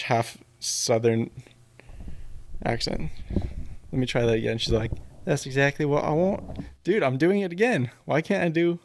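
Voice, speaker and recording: A man's voice: mid-range voice, a little mellow, no echo. Rambling man recapping a show, dry sound. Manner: rambling, filler-heavy storytelling. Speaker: podcast host.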